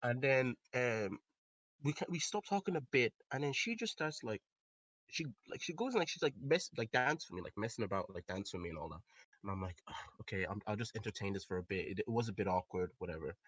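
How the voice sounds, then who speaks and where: A man's voice: lowish voice, animated, fairly quick, a bit bright, slightly rough. A young man co-hosting a casual podcast, telling a rambling anecdote full of fillers and acted-out quotes, close on a podcast mic. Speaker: podcast co-host. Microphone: close podcast microphone.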